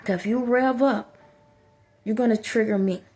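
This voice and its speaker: A woman's voice: fairly high pitch, steady tone, moderate pace, a little mellow. A woman vlogger giving an impassioned spiritual monologue, repeatedly soothing and urging an unseen listener.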